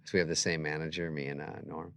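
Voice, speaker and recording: A man's voice: quick pace, clear, resonant tone. A middle-aged man telling comedy stories in casual chat, acting out voices as he quotes people. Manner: animated, acts out quotes with loud jumps in pitch. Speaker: comedian guest.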